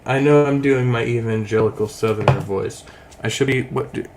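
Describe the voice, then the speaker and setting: A man's voice: mid-range voice, a little hiss or hum. A man giving crude, sarcastic reaction commentary and swearing often. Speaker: online commentator.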